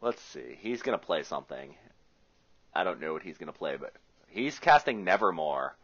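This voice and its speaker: Deep-voiced man narrating a card game. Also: big pitch swings, moderate pace, a bit bright, breathy edge. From US Rust Belt. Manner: chatty and joking, thinking aloud about his plays. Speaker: Magic player commentating his own match. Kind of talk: casual play-by-play commentary. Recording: muffled lo-fi recording.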